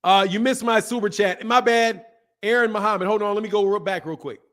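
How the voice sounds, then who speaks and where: A man's voice: high voice, brisk, a bit bright. A man hosting a live boxing talk stream, talking casually and animatedly to his chat, repeating points and laughing. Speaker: boxing commentary host.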